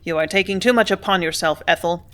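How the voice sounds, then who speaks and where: A woman reading a story, voicing a blustering male factory superintendent who speaks loudly and brusquely. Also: fairly low pitch, quick pace, natural voice. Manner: loud, brusque, bullying.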